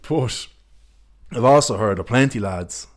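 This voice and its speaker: A man's voice: medium pitch, animated, unhurried, slight background noise. A young man hosting a podcast, telling candid, rambling, sweary anecdotes in casual chat. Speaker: podcast host.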